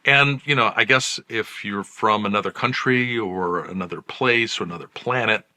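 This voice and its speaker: A middle-aged man speaks to camera as a psychiatrist and host. His voice sits somewhat low but rings very bright and forward. He talks in a conversational, emphatic way and leans on rhetorical questions. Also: normal speed. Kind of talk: direct-to-camera commentary.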